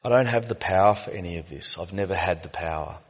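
A man giving a reflective personal share at a recovery meeting, telling stories with many halting fillers. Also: low-pitched. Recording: long echo of a meeting hall.

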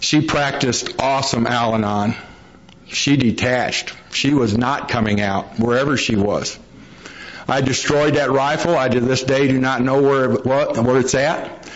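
A man's voice: mid-range voice, unhurried. Folksy man telling his recovery story. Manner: folksy storyteller, acts out quotes. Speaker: recovery meeting speaker. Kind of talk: personal recovery story at a meeting. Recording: dull lo-fi recording.

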